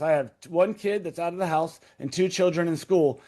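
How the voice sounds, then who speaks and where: A man in his thirties, guesting on a podcast, tells a raw personal story with intensity, swearing and hammering home key phrases through repetition. His voice is mellow and fairly high-pitched, and he speaks at a normal speed.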